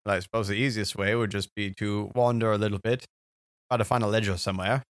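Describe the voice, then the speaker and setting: A man's voice: lowish voice, steady tone, fast talker, dry recording. A man playing a tabletop role-playing game, talking in a dry, wry, slightly theatrical way. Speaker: player.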